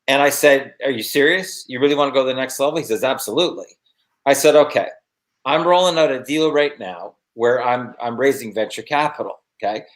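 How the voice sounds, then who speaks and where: Male coach hosting an interview; punchy, repetitive motivational delivery. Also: medium pitch. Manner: emphatic, repeats words for effect. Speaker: host and business coach.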